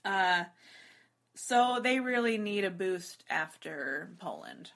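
A woman's voice: medium pitch, lively intonation, slow pace, vocal fry, fairly bright tone. Rambling, giggly woman co-host. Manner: rambling, self-interrupting, giggly. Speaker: podcast co-host. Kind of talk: casual chat.

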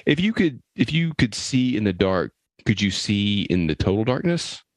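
A man co-hosting a comedy podcast, making wry deadpan asides in casual chat. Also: fairly low pitch, normal speed, no room sound. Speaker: podcast co-host.

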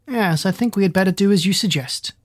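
An audiobook reader voicing a calm, precise Victorian detective who speaks in a formal, measured way. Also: mid-range voice, dry recording, pitched above the performer's own voice, natural voice. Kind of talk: audiobook reading.

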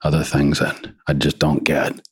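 Very deep, husky-voiced man. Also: normal speed. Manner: rambling, animated storytelling. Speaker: actor guest. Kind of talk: casual interview chat.

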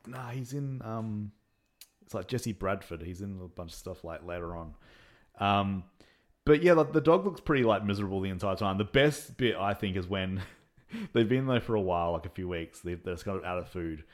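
A man's voice: fairly low pitch, animated. A man co-hosting a casual film-review chat, rambling with many halts and frequent laughs. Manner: rambling, halting, laughs a lot. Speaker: podcast co-host reviewing films.

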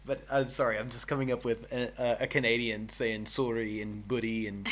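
A man's voice: mid-range voice, level tone, normal speed, fairly bright tone. A man co-hosting a casual chat, playful and laughing often. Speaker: podcast co-host.

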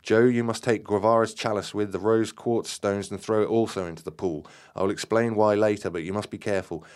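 A man's voice: fairly low pitch, fairly even intonation, brisk, darkish tone, voice pushed up, lightly acted. A man voicing a commanding group leader. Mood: urgent. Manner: urgent, firm instructions.

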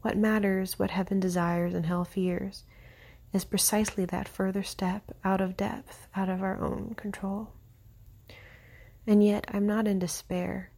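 Host, woman, reads devotional prose aloud, soft and near-whispered, gravelly and husky, dark tone. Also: medium pitch. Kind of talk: reading a devotional text aloud with brief comments.

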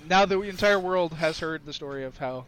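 A man's voice: a little high, a little fast, fairly bright tone, clean tone, rough recording. A man telling a crude story in a casual podcast chat, laughing between lines. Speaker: podcast guest.

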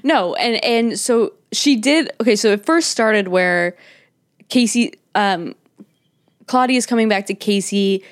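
Female podcast co-host, casual recap chat, gossipy and animated. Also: medium pitch, takes it slowly. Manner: gossipy, animated retelling with lots of "like" and swearing.

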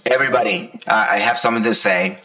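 A man's voice: lowish voice, fairly even intonation, fast, sharp tone. A man in his thirties co-hosting a podcast, telling stories in a rambling, profane, casual way full of restarts. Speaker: podcast co-host. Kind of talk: casual chat.

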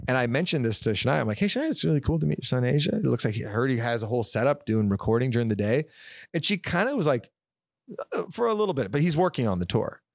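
A young man, co-hosting a podcast and telling a rambling, laughing story. His voice is gravelly and swings lively up and down. The recording is close and dry. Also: medium pitch, fast, dry recording. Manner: rambling, laughing, acts out quoted dialogue. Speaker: podcast co-host. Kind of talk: casual chat, animated storytelling.

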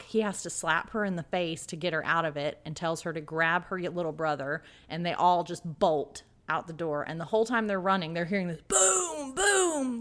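A woman's voice: on the low side, fairly bright tone. A woman podcast co-host telling a story dramatically in a casual chat, acting out the quotes.

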